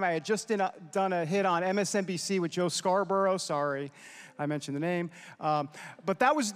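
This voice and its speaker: A man from New York moderating a panel, chatty and loose, telling a quick story and wrapping up with announcements. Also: high-pitched, clear, resonant tone. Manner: chatty, loose, many fillers. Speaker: panel moderator and show host. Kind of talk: casual anecdote and wrap-up announcements. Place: conference hall stage. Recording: long hall reverb.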